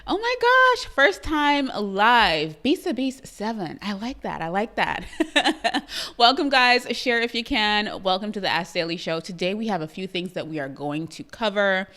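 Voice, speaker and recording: A woman's voice: mid-range voice, very animated, unhurried, bright, forceful tone. A woman with a Trinidadian accent hosting a live-streamed talk show, bubbly, laughing often and greeting her viewers by name. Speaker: livestream show host.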